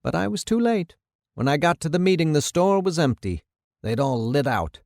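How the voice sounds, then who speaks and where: A man's voice: a little high, big pitch swings, moderate pace, vocal fry, darkish tone, dry recording, studio quality, voice pushed up. A man reading the part of a bitter, vengeful older man who recounts his killings in a grim, matter-of-fact way. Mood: grim, boastful. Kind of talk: dramatic reading of a radio play.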